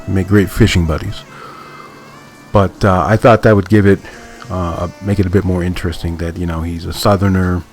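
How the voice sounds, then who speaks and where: A man hosting a podcast, casually breaking down a comic in a thoughtful way, with lots of fillers and restarted phrases. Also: low-pitched. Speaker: podcast host. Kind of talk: casual comic-book analysis.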